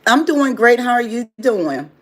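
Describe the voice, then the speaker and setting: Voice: medium pitch, very animated, a little slow, fairly bright tone. A livestream host giving loose, rambling motivational advice in casual everyday speech, often repeating phrases for emphasis while answering viewer chat.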